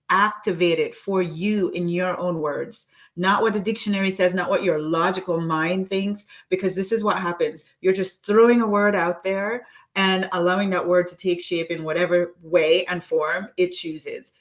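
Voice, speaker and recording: A woman leading a live online coaching session, encouraging listeners and reciting affirmations slowly and deliberately. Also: lowish voice, steady tone, a bit bright. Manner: encouraging, with frequent restarts.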